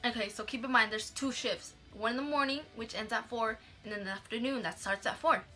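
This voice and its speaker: A young woman tells a story on her vlog in a casual, chatty way. She swears freely and says "like" constantly. Her voice sits a little high and sounds very bright and sharp, with faint music behind her. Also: brisk. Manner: mixes in Spanish words. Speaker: vlogger.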